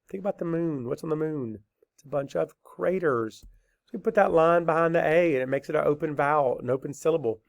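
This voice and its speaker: A man teaching a spelling lesson, dictating words slowly letter by letter and asking and answering his own questions patiently. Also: fairly high pitch, vocal fry, no echo, clean studio sound. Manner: slow, deliberate letter-by-letter dictation.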